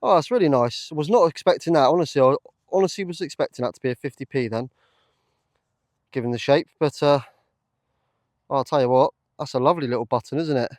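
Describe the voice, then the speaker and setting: Excitable man, dry outdoor mic. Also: mid-range voice, fairly quick, pauses often, dry recording. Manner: chatty, excitable, lots of fillers. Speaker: metal detecting vlogger. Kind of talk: casual commentary to camera. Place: open field outdoors.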